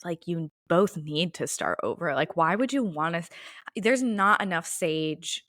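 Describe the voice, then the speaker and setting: A woman's voice: on the low side, expressive, measured pace, fairly bright tone, dry recording, studio quality. A young woman co-hosting a casual podcast, chatting with laughs and trailing asides. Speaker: podcast co-host. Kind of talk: casual chat.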